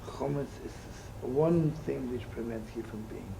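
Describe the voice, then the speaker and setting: Older male rabbi, gravelly, lively storyteller, slips in Yiddish and Hebrew words. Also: mid-range voice, a little slow, very noisy. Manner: animated, chatty, sprinkled with Yiddish and Hebrew terms. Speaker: rabbi teaching. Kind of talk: storytelling sermon with jokes.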